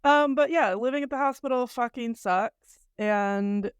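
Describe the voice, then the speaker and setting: Woman from the states co-hosting a podcast, smooth lowish voice, dry close mic, tells stories with lots of energy. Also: unhurried, no echo. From United States. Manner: animated storyteller, acts out quoted lines. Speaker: podcast co-host. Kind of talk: casual podcast chat.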